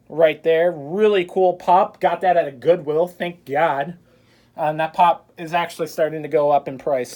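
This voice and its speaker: A woman filming a casual tour of her game room at home on a handheld phone, chatting in an offhand, upbeat way with plenty of fillers. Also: on the low side. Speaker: video creator giving a room tour. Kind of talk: casual vlog narration. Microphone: handheld phone camera.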